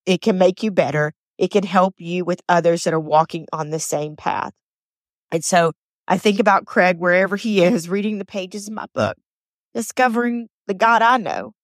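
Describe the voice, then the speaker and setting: A woman at a middling pitch hosts a motivational podcast and tells personal stories. She talks in an earnest, chatty way and leans on repeated phrases for emphasis. Her voice sounds close and dry, with no room around it. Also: normal speed, dry recording. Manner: chatty, personal anecdote telling. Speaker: podcast host.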